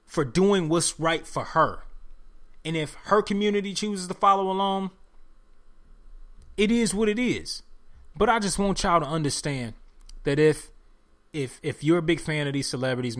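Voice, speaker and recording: A man hosting his own podcast, talking alone in casual slang and preaching to his listeners, repeating his points for emphasis. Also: a little high. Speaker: podcast host. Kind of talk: solo podcast monologue.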